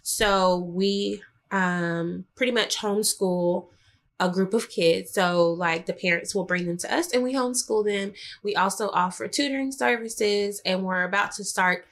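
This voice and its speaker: A woman in her thirties co-hosting a podcast, explaining things in a measured, low-key way. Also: fairly bright tone. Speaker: podcast co-host. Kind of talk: casual chat.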